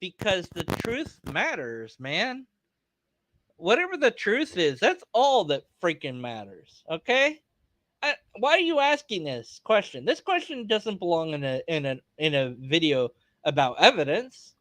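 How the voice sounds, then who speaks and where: A man's voice: high voice, big pitch swings, measured pace, fairly bright tone, no room sound. A man hosting a reaction video, ranting at a clip with sarcastic, exasperated, over-the-top comedy.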